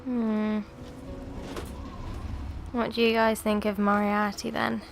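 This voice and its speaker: Gravelly woman giving game commentary. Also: medium pitch, flat delivery, slow, slight background noise. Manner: chatty, hesitant, lots of fillers and asides. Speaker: gaming channel host. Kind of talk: casual gameplay commentary.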